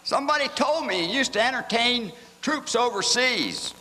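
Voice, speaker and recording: A man acts as the mock-formal straight man who feeds lines to the jokers in a live stage comedy routine. His voice is high and gravelly, and it jumps around in pitch. A long hall echo follows it. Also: expressive, normal speed, sharp tone. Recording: amateur live show, hall reverb.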